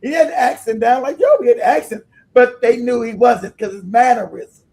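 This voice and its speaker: High gravelly man ranting on a stream. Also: fairly quick, low-quality recording. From California. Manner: profane, laughing, animated. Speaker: host. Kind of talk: casual livestream rant.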